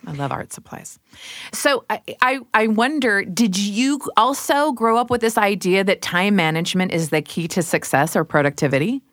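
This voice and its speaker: A woman's voice: mid-range voice, lively intonation, normal speed, a bit bright, dry recording, clean studio sound. A middle-aged woman hosting a podcast, chatting casually and laughing at herself. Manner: chatty, self-deprecating, laughs easily. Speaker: podcast host. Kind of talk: casual chat.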